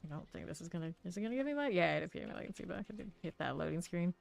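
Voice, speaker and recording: A woman's voice: lowish voice, lively intonation, rapid-fire, gravelly, faint music behind. A woman from Florida streaming a game, chatting casually and rambling through side stories while she plays. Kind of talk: casual gameplay commentary.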